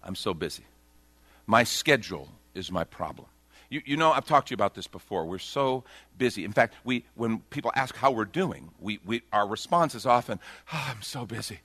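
Preaching in a chatty, self-mocking way, this pastor has a fairly low male voice. He moves from soft, unhurried lines to loud, fired-up ones, captured without any echo.

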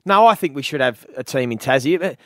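A man's voice: mid-range voice, animated, brisk, a bit bright, dry recording, studio quality. An Australian man co-hosting a sports radio show, giving easygoing, matter-of-fact opinions in casual banter. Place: dry radio studio.

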